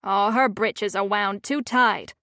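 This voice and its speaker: A woman's voice: mid-range voice, slow pace, bright, forceful tone, no echo, studio quality. Woman reading as a feisty old grandma. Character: elderly Southern grandmother, feisty and unrepentant.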